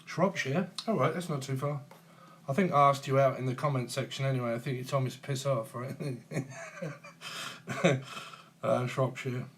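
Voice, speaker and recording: Guy in his 40s on a phone live stream, mid-pitched voice, teasing and jokey, bit of faint noise in the background. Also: fairly even intonation, normal speed, long pauses, a bit bright. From England. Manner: teasing, jokey, chuckles often. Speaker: tarot channel host. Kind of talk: casual live-stream chat with viewers.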